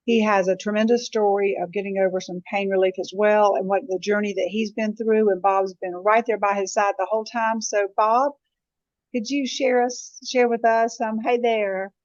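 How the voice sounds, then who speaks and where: A woman hosts an online call, gushing over each story in slow, drawn-out phrases. Her voice sits at a middle pitch and comes through dry and dull, like low-fi call audio. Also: fairly even intonation, no room sound. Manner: effusive, warm praise, slow drawn-out phrasing. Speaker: host. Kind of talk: online group call hosting.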